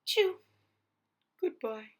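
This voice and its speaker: Gerald, a woman doing a fretful elephant. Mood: worried, dramatic. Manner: slow, halting, prone to sneezing fits. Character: anxious elephant boy, dramatic and worried.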